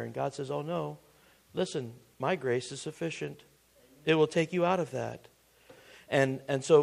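A man preaching a sermon, repeating phrases, asking the congregation questions, and swinging from loud exhortation to a hushed near-whisper. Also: a little high, vocal fry.

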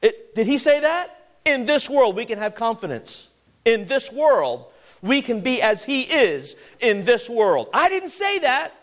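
A man with a high voice preaches a sermon, reading scripture slowly and posing rhetorical questions to his listeners before building to loud, emphatic exhortation.

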